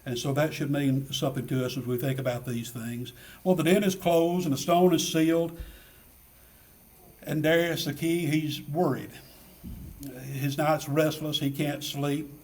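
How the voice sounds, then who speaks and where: A man's voice: a little high, level tone, unhurried, darkish tone, far from the mic. A man preaching a sermon in an earnest way, asking many rhetorical questions and repeating his key phrases.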